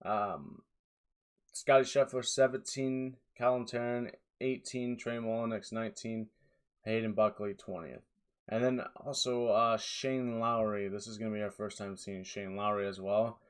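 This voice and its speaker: A man's voice: fairly low pitch, fairly even intonation, unhurried, clear, resonant tone. Tired young man rambling about golf picks. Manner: rambling, tired, yawning, many fillers and restarts. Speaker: fantasy golf analyst. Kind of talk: casual solo commentary.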